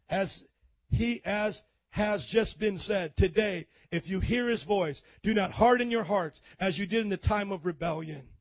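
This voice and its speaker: A man preaching a sermon as pastor, calling out to the congregation and swinging from loud to hushed. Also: sits high, dry recording, dull audio. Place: church.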